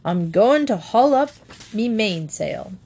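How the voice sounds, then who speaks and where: Gruff old seafaring admiral, barking orders; a woman reader doing the voice. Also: lively intonation, slow, darkish tone, full character voice. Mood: bellowing. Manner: booming seafaring bark, dropped g's. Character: gruff old male sea admiral, blustering.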